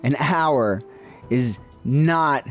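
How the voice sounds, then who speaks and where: A man teaching counseling skills in an instructional talk, earnest and emphatic, with pauses and fillers. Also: medium pitch, soft background music.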